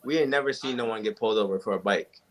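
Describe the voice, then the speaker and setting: Young man telling stories, animated. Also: fairly low pitch, rapid-fire. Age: young adult. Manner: animated storyteller, acts out quoted exchanges. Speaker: panel guest. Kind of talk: casual storytelling in a group chat.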